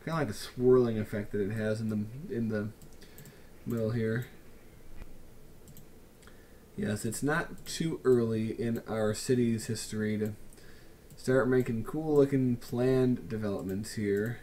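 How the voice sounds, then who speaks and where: A man's voice: on the low side, unhurried, mellow, slight background noise. A young man giving casual, joking commentary over a city-building game, full of playful, mock-grand asides to the viewers. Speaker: let's play commentator.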